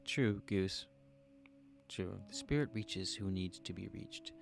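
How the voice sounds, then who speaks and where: A man's voice: sits low, takes it slowly, vocal fry, soft background music. A man hosting a livestream, chatting casually and jokingly as he reads out viewer comments. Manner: laid-back, joking, thinking aloud. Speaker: livestream host.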